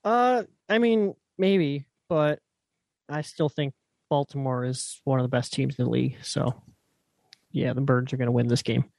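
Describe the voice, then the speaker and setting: A man's voice: medium pitch, normal speed, creaky, a little mellow, no room sound. A man co-hosting a casual sports podcast, giving blunt, offhand opinions. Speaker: podcast co-host.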